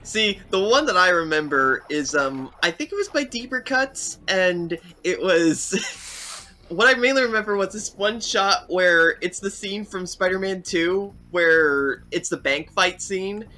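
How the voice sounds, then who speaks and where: A man's voice: high-pitched, unhurried. A man co-hosting a game stream, chatting casually and telling stories with lots of energy and laughter. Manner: animated storytelling, laughs often. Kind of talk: casual chat.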